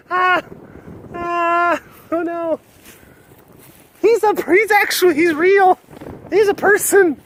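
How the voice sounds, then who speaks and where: A flustered young woman fan shrieks in panic, as a man puts her on. The squeaky, high voice is loud and frantic. Faint outdoor noise is heard behind it. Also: steady tone, slow, pauses often, full character voice. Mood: panicked.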